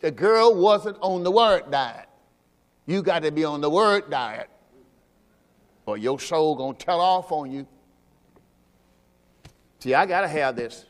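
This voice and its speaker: A man preaching a sermon as pastor. He talks emphatically, asks the congregation questions, and drops into low quiet asides. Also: lively intonation, slow pace, long pauses. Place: church sanctuary. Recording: long hall reverb from a church service.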